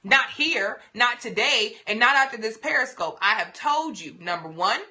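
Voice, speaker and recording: Sassy bright-voiced woman streamer. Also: a little high, lively intonation, normal speed. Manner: sassy, playful, emphatic repetitions. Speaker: beauty livestream host. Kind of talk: casual livestream tips talk.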